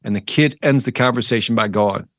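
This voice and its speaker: Fairly low-pitched and fairly quick, this middle-aged sales trainer and motivational speaker tells an interview story, playing out the dialogue with animation. The recording is studio quality with no room sound.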